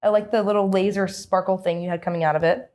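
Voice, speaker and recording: A woman's voice: medium pitch, steady tone, fast, darkish tone. A young woman playing a professor who grades contestants in a comedy game show, speaking with mock-stern deliberation. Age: young adult.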